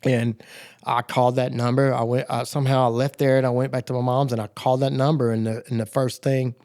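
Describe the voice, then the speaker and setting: A podcast guest from the Southern United States tells his recovery testimony as loose, rambling storytelling. His mid-range voice is a little mellow and fairly flat in pitch, and he talks briskly, often acting out the voices of people he quotes.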